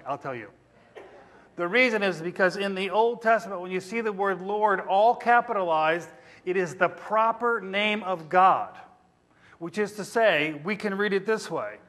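Male preacher, high voice, teaching sermon, quizzes the congregation, long hall reverb. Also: a bit bright. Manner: interactive, questioning the congregation.

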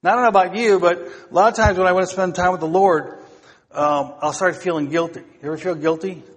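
Earnest pastor preaching in a reverberant hall. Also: male voice, sits high, fairly even intonation, fairly quick. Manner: earnest, exhorting, asks the congregation questions. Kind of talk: sermon.

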